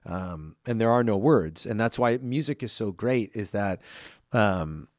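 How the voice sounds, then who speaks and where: A man's voice: lowish voice, animated, unhurried, dry recording, studio quality. A man co-hosting a casual podcast, speaking earnestly and reflectively with many fillers. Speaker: podcast co-host. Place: California.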